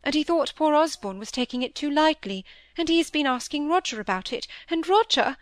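A woman voicing a gentle middle-aged mother, plaintive and soft, tumbling on in distress. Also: fairly high pitch, animated, moderate pace, dry recording, clean studio sound. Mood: tearful. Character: tearful gentle middle-aged mother, anxious for her son.

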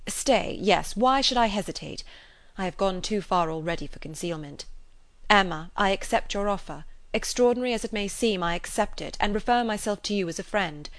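A grave, sincere gentleman suitor, read by a woman in an earnest, measured storybook voice. The tone is lowish and tender. The sound is close and dry. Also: no room sound.

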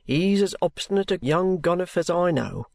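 Stiff, unmoved police constable, voiced by a male reader: firm, measured, a touch raised. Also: sits high, lively intonation, gravelly, a little mellow, dry recording, clean studio sound, pitched above the performer's own voice. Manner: firm, measured, repeating himself. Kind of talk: audiobook character voice.

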